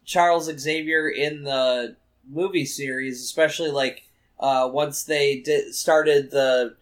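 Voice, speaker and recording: A man chatting on a podcast in a halting way, full of fillers and restarts. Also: fairly high pitch, fairly even intonation. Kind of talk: casual podcast chat.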